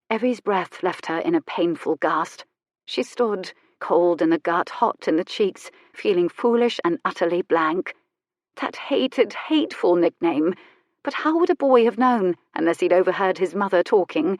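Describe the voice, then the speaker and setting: In clean studio sound with no room noise, a woman reads a historical romance audiobook. Her fairly low voice tells the scripted story expressively and at a measured pace.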